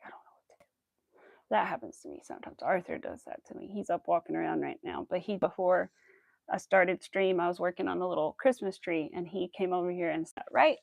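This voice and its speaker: A young woman crocheting on a livestream from home with a clip-on mic, chatting with viewers and softly counting her stitches. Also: mid-range voice, creaky, no room sound. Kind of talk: casual chat while crocheting on stream.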